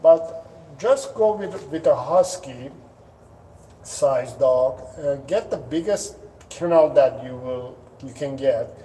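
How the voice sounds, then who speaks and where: A man's voice: mid-range voice, expressive, slow pace, mellow, far from the mic, a little hiss or hum, rough recording. A man who is a dog trainer answering viewers' questions in a casual live stream, patiently explaining and sometimes acting out what a dog might be thinking. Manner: patient, explanatory, acts out dogs' thoughts in playful voices. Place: indoors at home, dogs nearby.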